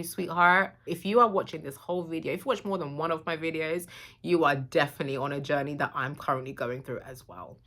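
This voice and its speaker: A woman vlogger with a low voice speaks in a heartfelt, intimate way, as if talking straight to one viewer. Her tone is bright and forceful. She gives earnest encouragement rather than a polished speech. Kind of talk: heartfelt motivational vlog talk.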